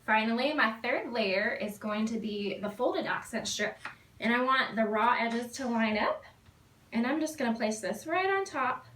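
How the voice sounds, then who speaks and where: Woman, 30s, upbeat tutorial host, fairly high voice, recorded a bit off-mic in a roomy space. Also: a bit bright, distant mic, slight background noise. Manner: cheerful, step-by-step explaining.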